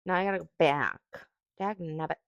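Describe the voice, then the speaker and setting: A woman's voice: deep voice, brisk, clean tone, dry recording, lo-fi sound. A woman hosting a casual solo podcast, rambling and thinking aloud with lots of fillers, swearing and sing-song noises as she reviews a product. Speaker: podcast host reviewing cannabis.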